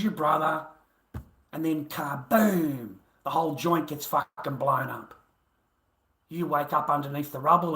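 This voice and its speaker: A combative Australian man rants on a livestream, swearing and sneering at his audience. His voice sits a little high for a man and rings around an echoey room. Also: a bit bright. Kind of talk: angry livestream rant.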